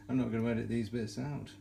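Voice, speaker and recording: A man's voice: medium pitch, vocal fry, dark tone, a little hiss or hum, low-quality recording. A man hosting a casual cooking and eating vlog, chatty and self-mocking, chuckling often. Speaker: cooking vlogger.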